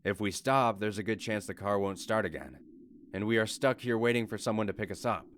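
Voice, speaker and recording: A man voicing a calm, firm woman, the narrator's wife, in a blunt and commanding manner within a horror story. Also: fairly low pitch, brisk, a little hiss or hum, natural voice.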